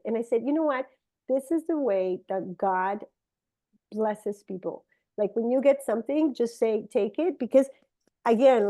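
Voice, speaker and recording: Animated middle-aged woman telling a story. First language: Spanish. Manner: animated, swings into high excited quoted voices. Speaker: speaker sharing a testimony. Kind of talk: casual storytelling talk.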